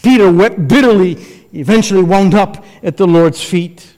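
A man preaching a sermon as pastor, emphatic, with dramatic pauses and acted-out quotes. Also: high-pitched, dark tone. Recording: long hall reverb.

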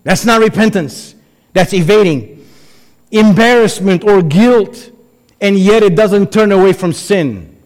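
High-voiced man preaching in a hall. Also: darkish tone. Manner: emphatic preaching with dramatic pauses and quoted voices. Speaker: pastor. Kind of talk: sermon. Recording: long hall reverb.

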